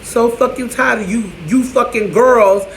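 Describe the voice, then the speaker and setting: A man's voice: very high-pitched, unhurried, vocal fry, slight background noise. A man ranting to camera in a profane, sassy, scolding way, in an echoey room. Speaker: vlogger.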